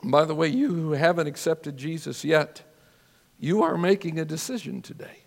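A man preaching a sermon as a pastor, earnest and measured, telling stories with drama. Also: fairly high pitch, creaky, long reverb tail.

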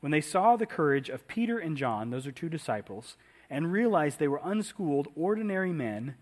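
A man preaching a conversational sermon in a church, often asking the congregation questions. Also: a little high. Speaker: pastor.

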